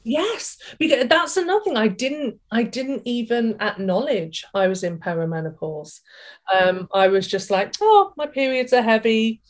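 A woman in her forties, telling her own story as a guest in an interview, chatty and animated, acting out her own thoughts and laughing often. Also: medium pitch, moderate pace. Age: 40s. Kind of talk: candid personal story in a podcast interview.

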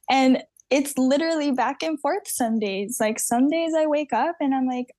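A woman's voice: high voice, a little slow, darkish tone, no room sound. A woman in her twenties, a podcast guest, talking candidly in a chatty way full of "like". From Southern California. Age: 20s. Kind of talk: casual conversation.

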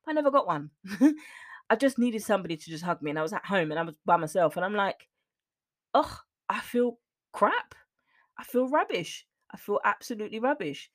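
Woman, podcast coach, earnest and emphatic, mid-pitched voice. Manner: earnest, emphatic, at times emotional. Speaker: weight loss mindset coach, podcast host. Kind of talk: motivational solo talk.

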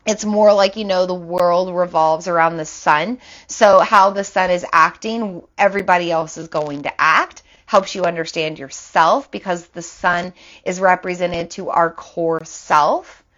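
A woman's voice: lowish voice, steady tone, a little slow, fairly bright tone. A woman in her thirties hosting an astrology livestream, talking casually and loosely, often tagging "right?" onto her sentences. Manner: chatty, loose, lots of "like" and "right?". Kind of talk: casual spiritual talk on a livestream. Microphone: phone or laptop mic. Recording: slightly dull livestream audio.

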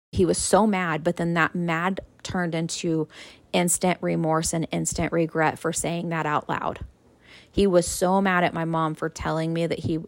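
A young woman tells her own story on a podcast, candid and emotional, sometimes acting out what others said. Her voice sits low with a gravelly fry. The sound is dry and close, with no room around it. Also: dry recording. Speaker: podcast host. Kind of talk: personal storytelling.

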